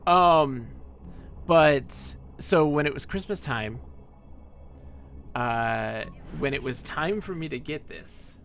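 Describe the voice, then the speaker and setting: A man streaming a game, telling a rambling personal story in a chatty, animated way. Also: a little high, takes it slowly, soft background music. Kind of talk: casual storytelling while playing a game.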